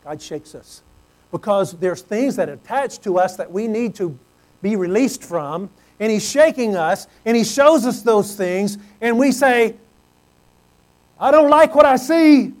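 A man preaching a sermon, earnest, swinging from loud exclamations to hushed low tones. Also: lively intonation, unhurried, rough recording.

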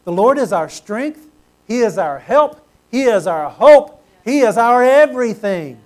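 A man preaching a sermon as pastor, emphatic, building to loud praise and calling for amens from the congregation. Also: very high voice, very animated, measured pace.

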